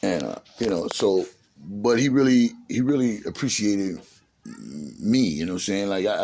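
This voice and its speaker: A middle-aged man spins a long, profane story in loose street slang. His voice sits low and gravelly, with a husky, raspy edge, and he acts out the lines of people in his tale. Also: darkish tone.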